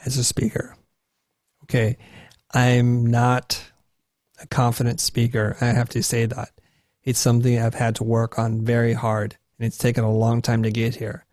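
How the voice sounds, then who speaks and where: A man in his forties, a guest telling candid stories in a self-deprecating, animated way, jumping up high when he acts out his past self. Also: moderate pace, dry recording, clean studio sound. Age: 40s. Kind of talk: candid conversational storytelling.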